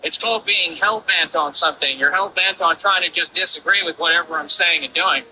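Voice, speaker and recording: A man's voice: fairly high pitch, brisk, noisy background. A man streamer ranting defiantly and boastfully over his gameplay. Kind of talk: livestream rant over gameplay.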